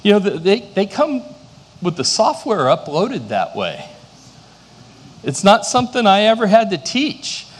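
A man's voice: high voice, huge pitch swings, measured pace, big-room sound. A middle-aged man, a pastor, preaching a sermon with storytelling and self-deprecating humor.

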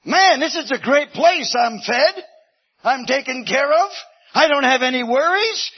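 A man's voice: very high voice, expressive, measured pace, muffled recording. A man voicing a young baby eaglet in a sermon story, exclaiming in a raised voice. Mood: content.

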